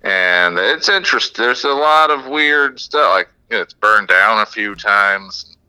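Male comedian guest, bright and low, easygoing. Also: lively intonation, measured pace, clear, resonant tone, poor audio. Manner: laid-back, short agreeing replies. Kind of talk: casual chat.

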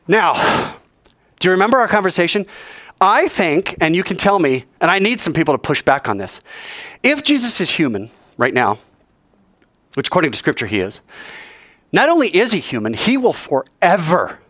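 Youth preacher, animated and playful, lively pitch. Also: male voice, moderate pace, dry recording. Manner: animated, playful, acts out scenes. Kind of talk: casual sermon.

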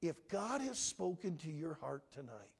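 A man's voice: fairly high pitch, very animated, a little slow, vocal fry, slightly rough. A man preaching as pastor in a church, earnestly urging listeners through an altar call and voicing the prayers they might pray. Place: church sanctuary.

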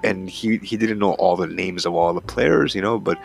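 Soft background music plays as a hockey podcast host reads a column aloud in a casual rant. His voice is low-pitched and creaky at a moderate pace, and his ranting is profane, heated and rambling.

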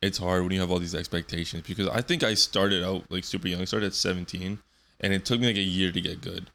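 A man's voice: low voice, steady tone, fast talker, vocal fry, a bit bright. A man in his twenties hosting a solo podcast, rambling loosely and swearing often. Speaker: podcast host.

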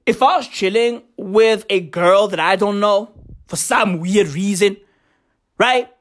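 A man's voice: high-pitched, a little slow. A man giving casual vlog commentary on tweets, swearing a lot and repeating rhetorical questions for emphasis. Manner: profane, emphatic, keeps asking rhetorical questions. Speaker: vlogger reacting to tweets.

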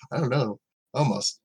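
A man co-hosting a casual podcast from home, rambling through stories with restarts and laughs. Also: mid-range voice. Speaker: podcast co-host. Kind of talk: casual chat.

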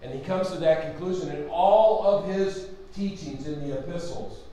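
A man teaching a Bible study with fervent preaching, exclaiming hallelujah and amen, swinging between loud passages and quiet explaining. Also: a little high, moderate pace, reverberant, rough recording.

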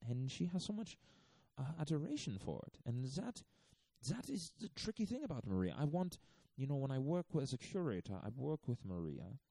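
A man voicing an earnest, accented male art curator, speaking slowly and solemnly. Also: medium pitch, big pitch swings, gravelly, warm tone, no echo, pitched above the performer's own voice.

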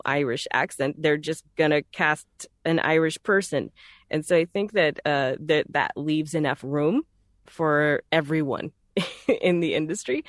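A woman's voice: deep voice, dry recording, studio quality. A woman from Texas with a Texan accent, a voice actor talking in a casual, chatty and easygoing way. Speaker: voice actor guest. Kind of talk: casual conversation.

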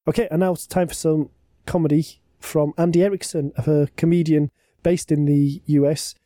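A man presenting a show, introducing the next act in a quick, upbeat read. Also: fairly high pitch, steady tone, warm tone, dry recording, clean studio sound, faint music behind. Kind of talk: scripted introduction.

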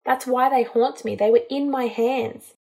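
A woman reading a storybook, voicing a distraught young witch healer who talks in a halting, tearful way. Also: fairly high pitch, steady tone, creaky, warm tone, pitched above the performer's own voice. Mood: anguished.

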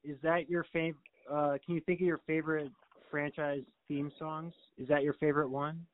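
A man's voice: fairly high pitch, level tone, moderate pace. A man leading a casual film chat, asking questions and agreeing briefly. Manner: asks questions, short agreeing replies. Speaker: movie podcast co-host. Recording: tinny phone-like line.

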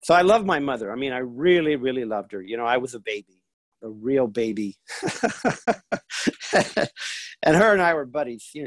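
A man sharing his personal story at a recovery meeting, halting and full of restarts. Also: mid-range voice, no echo.

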